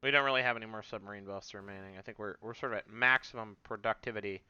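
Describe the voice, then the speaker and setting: Wry, bright-voiced man, fake British accent. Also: on the low side, fairly even intonation, fast talker, clear, resonant tone, muffled recording. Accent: put-on British. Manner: wry, offhand, muttering to himself. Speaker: let's play host. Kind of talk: casual gameplay commentary.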